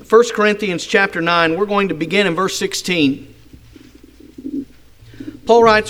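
A man preaching a sermon, reading scripture aloud and explaining it with strong emphasis, at times dropping to a soft voice. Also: sits high, moderate pace, long pauses.

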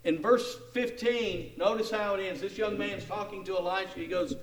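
Male pastor from Kansas, high-pitched, preaching with sudden shifts between booming emphasis and hushed asides. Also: fairly even intonation, normal speed. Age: adult with kids. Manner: swings between loud emphatic passages and quiet intimate asides. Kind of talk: sermon.

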